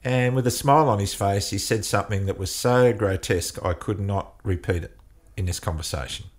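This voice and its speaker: A man, a couples counselor, telling a long story in an interview, often halting and repeating words. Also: fairly low pitch.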